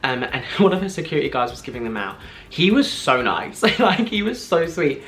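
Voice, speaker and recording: A man's voice: a little high, big pitch swings, fairly bright tone. Gushing young man telling a story. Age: 20s. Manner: gushing, fast, filler-heavy with frequent "like". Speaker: vlogger. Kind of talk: excited storytelling to camera.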